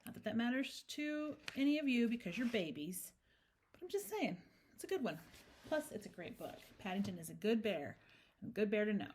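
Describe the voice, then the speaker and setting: A woman reads a picture book aloud as host of a storytime, breaking off for chatty, playful asides. Her voice sits at a middle pitch but moves in a lively, sing-song way. The reading is relaxed and unpolished. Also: brisk, slight background noise.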